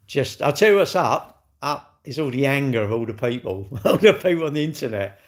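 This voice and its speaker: A man's voice: mid-range voice, expressive, a little fast, few pauses. Blunt man chatting on a livestream. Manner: blunt, jokey, swears freely, talks back to chat. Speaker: livestream host. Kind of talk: casual livestream chat reading viewer comments.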